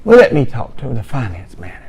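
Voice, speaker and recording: A man's voice: medium pitch, huge pitch swings, fast, a little mellow, breathy edge, voice pushed down, full character voice. A man voicing a pushy, wheedling car salesman who coaxes in an insistent, half-whispered way. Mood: coaxing.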